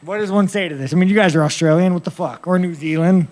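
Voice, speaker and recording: Speaking fast in a high voice with a darkish tone, a man handles reporters' questions at a press conference following a fight. He is blunt and wanders in his answers, swearing constantly and laughing at himself.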